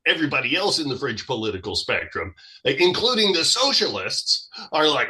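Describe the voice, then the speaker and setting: A man with a bright, forceful voice talks through history as an interview guest. He explains at length, with lively swings in his delivery, in the manner of an engaged expert. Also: mid-range voice, a little fast.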